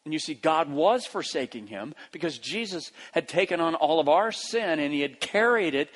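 A man preaching a sermon as pastor, emphatic, dropping low and quiet, then rising sharply to stress key phrases. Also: expressive, normal speed, hardly any pauses.

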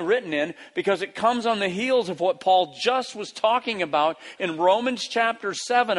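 A man preaching a sermon as pastor, emphatic, dropping low and quiet, then rising sharply to stress key phrases.

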